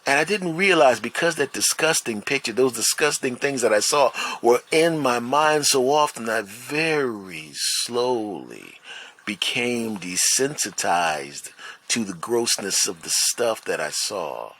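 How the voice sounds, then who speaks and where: A middle-aged man talks alone on his podcast, meandering from point to point. His storytelling is lively, and he often breaks off to poke fun at himself. His pitch sits in an ordinary middle range. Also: unhurried. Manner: rambling, animated storytelling with self-mocking asides. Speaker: podcast host. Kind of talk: solo podcast monologue.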